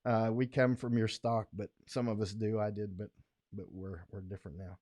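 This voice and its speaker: A man's voice: fairly low pitch, flat delivery, moderate pace, a little mellow, no echo. Rambling American man on a livestream. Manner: rambling, folksy, laughs often. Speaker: livestream host. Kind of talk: casual livestream chat.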